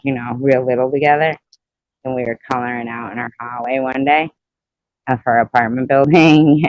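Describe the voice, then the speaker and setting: A woman's voice: a bass voice, no echo, muffled recording. A woman hosting a live stream, telling stories in casual chat, swearing freely and laughing as she goes. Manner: profane, laughs through her stories.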